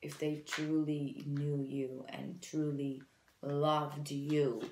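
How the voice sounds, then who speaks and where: Casting: woman tarot reader, low, gravelly tone, chatty and encouraging, echoey room. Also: slight background noise. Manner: chatty, encouraging, fillers like "you know". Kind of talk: casual tarot reading to camera.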